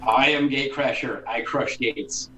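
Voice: medium pitch, unhurried, rough recording. Player doing a terse, blunt construct warrior. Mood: deadpan. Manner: terse, flat declarations. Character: blunt, stolid warforged fighter construct. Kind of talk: tabletop game character voice.

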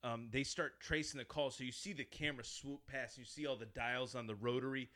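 A medium-pitched, brisk man retells a horror film scene by scene in casual chat. He's an animated storyteller who acts out the lines and swears freely and often.

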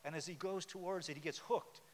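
This male pastor speaks a little fast in a high, steady tone, preaching conversationally in the sanctuary and questioning the congregation. The audio has long hall reverb and slight hiss.

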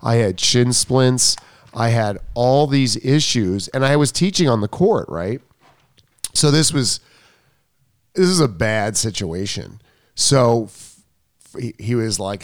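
A man's voice: mid-range voice, animated, takes it slowly, pauses often, no room sound, clean studio sound. A man hosting a podcast, chatting in a rambling, joking way and often cutting himself off. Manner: rambling, joking, self-interrupting. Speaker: podcast host. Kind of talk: casual podcast chat.

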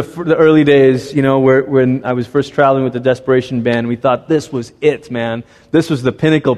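A man preaching a sermon in a big hall whose sound rings on in a long reverb. His voice sits a little high, and he tells stories with lively energy, acting out characters and even the animals' noises. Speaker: pastor.

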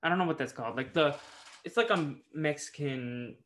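A man's voice: on the high side, moderate pace, a bit bright. Rambling, self-correcting podcast man. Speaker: podcast co-host. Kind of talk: casual chat.

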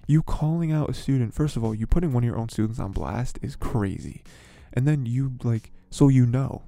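Rambling young man with gravelly dark voice. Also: medium pitch, expressive, moderate pace, few pauses, no room sound, soft background music. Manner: rambling, filler-heavy, exasperated. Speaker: podcast host. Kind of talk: casual commentary.

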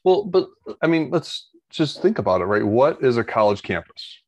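A man's voice: mid-range voice, very animated, normal speed, darkish tone, husky, no echo. A man, talking in a casual podcast chat, rambling with many restarts. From Ohio, United States. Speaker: guest.

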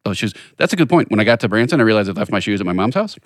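Fast-talking lower-voiced man, dry mic. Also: sing-song, dry recording. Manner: quick, joking banter. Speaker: podcast co-host. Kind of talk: casual chat.

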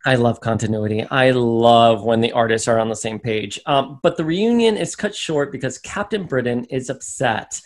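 A man's voice: medium pitch, moderate pace, few pauses. A man co-hosting a podcast, giving a casual recap of a comic book issue and acting out the characters' lines along the way. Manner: animated storyteller, acts out character quotes. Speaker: podcast co-host.

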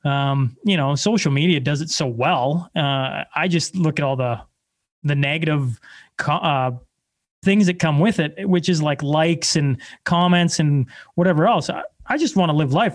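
A man in his thirties from Canada, a podcast guest telling stories in a blunt, energetic, self-deprecating way. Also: fairly high pitch, moderate pace. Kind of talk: casual conversation.

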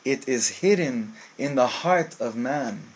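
A man giving an impassioned Torah sermon, teaching rabbinic texts and quoting them aloud, with a husky voice. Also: mid-range voice, expressive, slow. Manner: impassioned, mixes Hebrew phrases, acts out angel voices.

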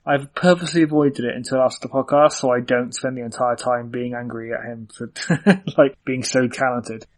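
A man's voice: mid-range voice, steady tone, moderate pace, hardly any pauses. Chatty Irish-born young man. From Ireland. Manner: chatty, rambling with many fillers. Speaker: podcast co-host. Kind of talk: casual chat.

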